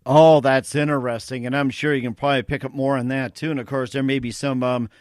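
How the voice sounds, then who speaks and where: A man's voice: mid-range voice, level tone, quick pace, no room sound, studio quality. A man hosting an interview, asking long rambling questions padded with fillers. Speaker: host.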